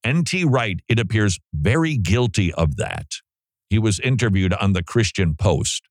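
A man hosting a talk show, giving casual commentary on theology in an animated way with sarcastic mock-quoting. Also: lowish voice, unhurried, no room sound, studio quality.

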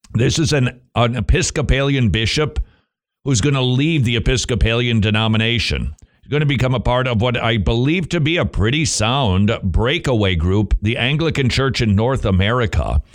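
A man hosting a Christian talk radio show, joking and animated, slipping into quoted voices. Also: mid-range voice. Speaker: radio host.

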